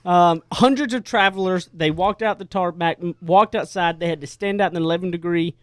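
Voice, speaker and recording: A man's voice: sits high, brisk, dry recording, clean studio sound. A man hosting a casual radio talk show, telling stories with lots of energy and frequent restarts. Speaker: host.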